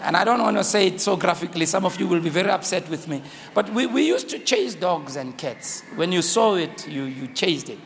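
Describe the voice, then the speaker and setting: A man's voice: high voice, animated, a little fast, creaky, few pauses, slight background noise. A South African man, a bishop preaching a live sermon in a large church hall, fervent and repeating phrases as he calls out to the congregation. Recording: long church-hall reverb.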